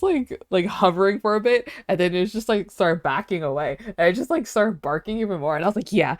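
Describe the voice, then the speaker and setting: A woman's voice: mid-range voice, a little mellow, dry recording, clean studio sound. A young woman streamer chatting casually with her audience, telling rambling stories full of fillers and giggles. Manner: rambling, filler-heavy storytelling with frequent giggles.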